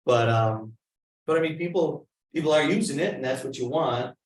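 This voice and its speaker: A man's voice: mid-range voice, normal speed. A man on a village board, talking through an issue at a public meeting and telling anecdotes in a conversational way. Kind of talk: meeting discussion. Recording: roomy meeting hall with faint background noise.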